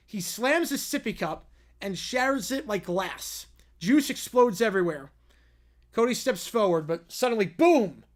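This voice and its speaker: A male livestream host reading out viewer-sent stories, breaking in with quick animated asides. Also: high-pitched.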